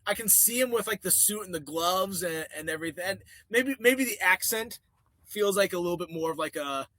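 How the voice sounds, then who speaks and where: A man co-hosting a podcast in casual chat, animated and laughing often as he talks things over. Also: sits high, fairly quick, dry recording. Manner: animated, quotes people in put-on voices, laughs often. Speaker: podcast co-host.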